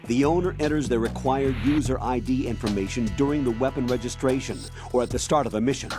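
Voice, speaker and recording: A man voicing a stern older military colonel, giving measured, authoritative mission briefings in a video game. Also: medium pitch, close to an everyday voice. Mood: calm, commanding. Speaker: mission commander on radio. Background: game music.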